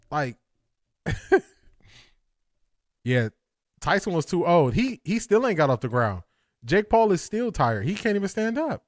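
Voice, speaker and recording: A man's voice: medium pitch, no room sound, clean studio sound. A man reacting live to a boxing match at a watch party, exasperated, laughing, and repeating himself. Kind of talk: live fight reaction commentary.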